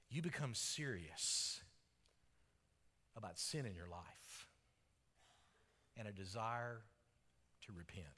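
A man's voice: mid-range voice, sharp tone. A man preaching a sermon as pastor, with fervent delivery that rises and falls. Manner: fervent, rising and falling delivery. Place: large church sanctuary. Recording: long hall reverb.

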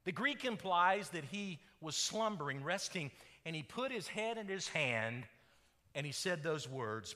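High, bright-voiced preacher in a hall. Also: male voice, big pitch swings, a little slow. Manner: dramatic storytelling, rising to shouts and dropping to hushed tones. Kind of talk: sermon.

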